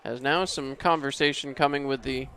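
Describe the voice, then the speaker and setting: Gravelly baseball play-by-play man. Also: mid-range voice, fairly even intonation, moderate pace, bright, forceful tone. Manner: easygoing, chuckles between calls, rises sharply on hits. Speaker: play-by-play announcer. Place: outdoor ballpark broadcast booth.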